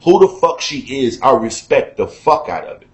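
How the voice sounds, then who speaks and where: A middle-aged man giving a candid, profane talk-show monologue, emphatic and conversational, getting loud when he is worked up. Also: mid-range voice, very animated, normal speed, reverberant, poor audio. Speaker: radio talk show host.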